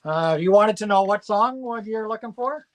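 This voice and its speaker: A man with a notably high voice talks through a live auction of records from his home. His delivery is casual and chatty, and he gets excitable as he rattles off long lists. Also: normal speed.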